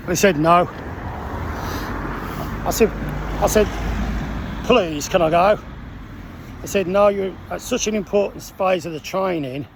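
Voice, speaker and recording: A middle-aged man tells a personal story in a halting, emotional way, often stopping to restart his sentences. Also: high-pitched, noisy background. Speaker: former military trainee telling his story.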